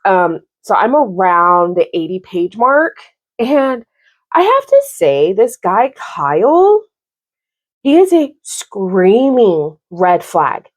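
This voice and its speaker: A woman in her thirties giving a casual, exasperated book review, talking in an animated way with lots of "like". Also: medium pitch, slow pace. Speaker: book vlogger.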